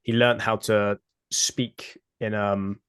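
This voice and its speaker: British man, podcast host, casual chat, lowish voice, dry sound, hesitant. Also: little pitch movement, slow pace, a bit bright, clear, resonant tone, no echo. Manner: hesitant, many fillers and restarts.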